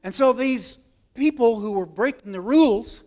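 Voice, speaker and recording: Brief: male preacher, higher pitch, folksy storyteller, dramatic swings in loudness. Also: animated, normal speed. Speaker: pastor. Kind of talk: storytelling sermon.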